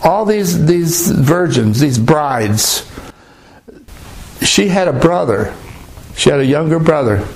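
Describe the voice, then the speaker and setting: An older man telling a story in a casual, halting way, with many restarts and pauses. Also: fairly high pitch, creaky, darkish tone, low-quality recording. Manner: rambling, halting, with restarts and hesitations. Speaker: storyteller recounting a trip. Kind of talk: casual spoken recollection.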